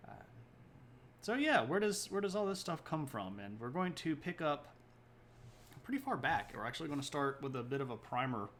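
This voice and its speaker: A man's voice: on the high side, sing-song, moderate pace, a bit bright, a little hiss or hum. Rambling male livestream host. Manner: rambling, self-correcting, chats to viewers between points. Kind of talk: casual livestream talk.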